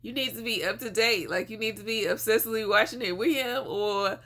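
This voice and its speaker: A woman's voice: a little high, a little fast, sharp tone. A woman hosting a reaction video, chatting in a laid-back way with lots of fillers. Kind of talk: casual reaction commentary.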